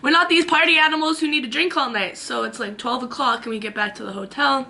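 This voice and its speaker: Young woman, bright and high, dramatic storytime delivery into a camera mic, faint hiss behind. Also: quick pace. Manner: chatty and dramatic, acts out quotes. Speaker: vlogger. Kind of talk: storytime vlog. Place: her own room.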